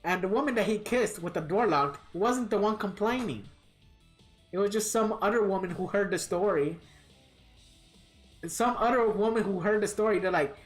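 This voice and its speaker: A woman's voice: medium pitch, moderate pace, faint music behind. A woman livestreaming a fighting game, ranting bluntly and swearing while she plays. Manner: blunt, profane, laughs at her own rants. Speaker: gaming livestreamer. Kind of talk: casual commentary while playing a fighting game.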